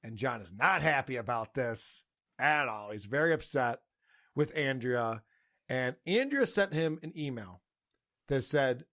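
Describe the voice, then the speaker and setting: A man hosting a podcast in a slightly high, swooping voice. He mocks the clips he plays and breaks into laughter often, in a loose, casual commentary style. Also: lively intonation, moderate pace, a bit bright. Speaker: podcast host.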